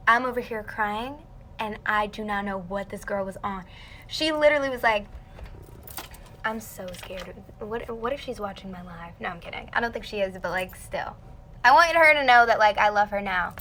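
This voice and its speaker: A young woman telling a dramatic story to fans in a casual livestream, talking animatedly and saying "like" a lot. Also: medium pitch. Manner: dramatic, animated, heavy use of "like". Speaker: singer answering fans on a livestream.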